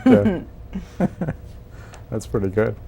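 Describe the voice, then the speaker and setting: A man hosting a talk show, asking short prompting questions and answering with quick backchannels in a casual interview. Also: medium pitch, big pitch swings, vocal fry, mellow, slight background noise.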